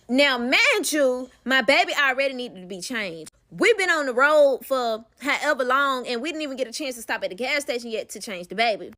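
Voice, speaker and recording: A woman's voice: high-pitched, sharp tone. A young woman telling a personal story in a casual vlog, candid and profane, calling the listener "baby".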